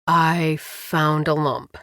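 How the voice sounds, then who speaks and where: Brief: a woman doing a gentle, worried husband for an audiobook, low and halting, dry close sound. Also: steady tone, no echo, heavily acted. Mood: worried, tender. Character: tender worried husband, adult man.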